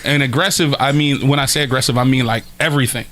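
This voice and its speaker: A man at a middle pitch talks through a podcast chat with loose, rambling stories. He laughs often and swears freely, his voice steady in its register. He speaks as a comedian guest. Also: quick pace.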